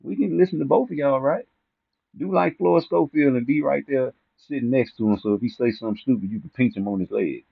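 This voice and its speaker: Over a dry, tinny, phone-like recording, a boxing commentary vlogger with a mid-range, slightly rough voice and vocal fry talks a little fast. His casual, comedic rant to camera about boxing personalities is rambling and profane, full of teasing and laughter at his own jokes.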